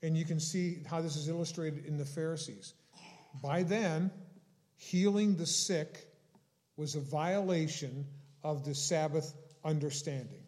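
A man preaching a sermon in a slow, deliberate way, leaning on key words. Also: on the high side, a little mellow. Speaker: pastor.

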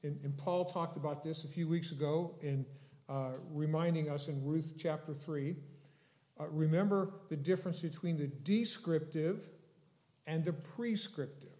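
A man preaching a sermon in a slow, deliberate way, leaning on key words. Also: on the high side, dark tone. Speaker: pastor.

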